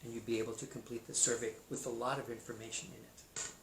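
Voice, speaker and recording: A male teacher giving a recorded math lesson to young children, speaking slowly and sounding out names syllable by syllable. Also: medium pitch, level tone. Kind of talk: kindergarten math video lesson. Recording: echoey room, faint noise.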